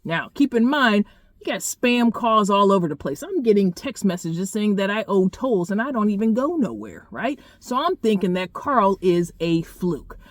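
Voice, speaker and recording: A woman's voice: medium pitch, normal speed, no room sound. Blunt, chatty woman vlogger, dry sound. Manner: animated, blunt, swears freely; chatty, talks straight to viewers. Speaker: car owner vlogger. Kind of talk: casual storytelling vlog.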